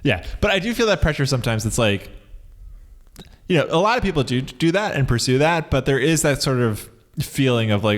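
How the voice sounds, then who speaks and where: A man's voice: mid-range voice, expressive, a little fast. A young man, a comedy writer, co-hosting a podcast and chatting in a rambling, reflective way with lots of fillers. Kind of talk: casual comedic chat.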